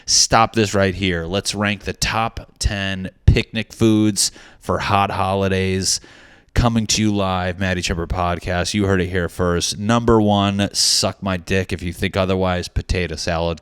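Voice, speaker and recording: Low-voiced guy doing a crude rambling podcast rant, smooth clear voice, dry sound. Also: little pitch movement, measured pace, fairly bright tone, no room sound. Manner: crude, joking, rambling with frequent restarts. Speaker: podcast host. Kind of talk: solo comedic podcast rant.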